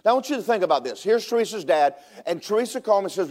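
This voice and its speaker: Telling stories from the pulpit, this high-voiced pastor speaks very fast, his sermon animated and breaking into shouting at the high points.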